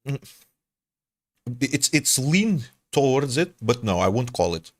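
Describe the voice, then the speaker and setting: A man's voice: mid-range voice, sing-song, takes it slowly, dry recording. A man from Portugal with a mixed Portuguese accent, a game streamer chatting casually with viewers, hesitant, stammering and restarting, calling people brother. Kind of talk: casual chat answering viewers.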